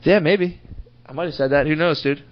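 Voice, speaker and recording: A man with a fairly high voice co-hosts a crude comedy podcast. He swears his way through stories and laughs a lot. The recording sounds dull and lo-fi. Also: a little fast. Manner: profane, storytelling, laughs often. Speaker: podcast co-host.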